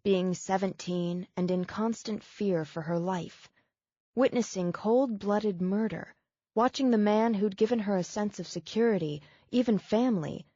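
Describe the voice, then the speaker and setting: A woman narrating a novel in a measured, steady way. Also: medium pitch, dry recording, lo-fi sound. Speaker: audiobook narrator. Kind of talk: scripted audiobook narration.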